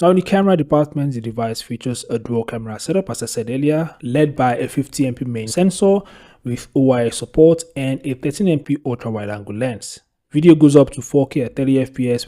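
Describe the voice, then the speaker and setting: A man's voice: medium pitch, dark tone. A man hosting a tech channel, chatting casually to viewers as he narrates a phone rundown. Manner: chatty, addresses viewers as "you guys".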